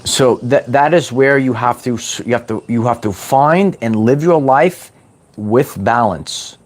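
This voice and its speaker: A man's voice: mid-range voice, a little slow. A middle-aged man hosting a spiritual wellness livestream, talking to his chat in a playful, repetitive motivational style and drawling words like "baby".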